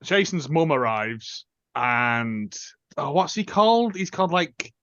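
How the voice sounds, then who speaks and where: A man's voice: on the high side, slow, no room sound. A man hosting a podcast, retelling a bad film in a sarcastic, joking way. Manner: sarcastic, jokey, animated storytelling. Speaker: podcast host. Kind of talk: casual film review chat. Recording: dull lo-fi sound, dry.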